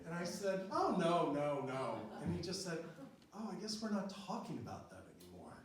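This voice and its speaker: A man's voice: on the high side, very animated, moderate pace. A middle-aged man telling a personal story live on stage, chatty and laughing often, with lots of fillers. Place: small venue with live audience. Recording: very echoey room, distant mic, audience noise.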